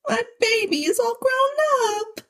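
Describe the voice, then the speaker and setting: A woman putting on a doting middle-aged mom whose voice soars very high and swoops wildly up and down. She coos in a sing-song, overly sentimental way, as in a spoken storybook. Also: wildly swooping pitch, unhurried, heavily acted. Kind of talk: audiobook character voice.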